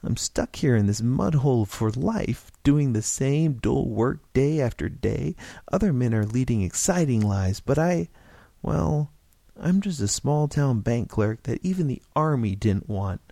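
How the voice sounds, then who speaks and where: A man plays a fed-up young bank clerk in a read-aloud story. He sounds frustrated and scornful and slides into despair. The voice is warm and gravelly and dry. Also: medium pitch, expressive, a little slow, dry recording. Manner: frustrated, scoffing, despairing outbursts.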